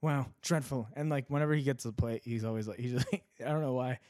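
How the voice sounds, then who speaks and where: Male podcast co-host, casual and jokey, mid pitch, dry studio mic. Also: quick pace, darkish tone, no echo. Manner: joking, laughs often, does mock impressions. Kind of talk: casual chat.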